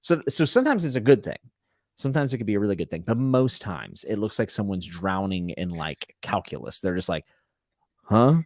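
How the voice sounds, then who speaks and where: A man's voice: lowish voice, brisk, dry recording, studio quality. A man guesting on a podcast in casual chat, telling stories and acting out what people say. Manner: animated storyteller who acts out quotes.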